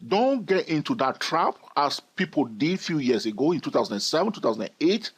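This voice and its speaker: A man with a husky voice walks through a chart analysis lesson on trading. His pitch swings widely as he stresses points, and he repeats key phrases for emphasis. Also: sing-song, brisk. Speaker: trading educator.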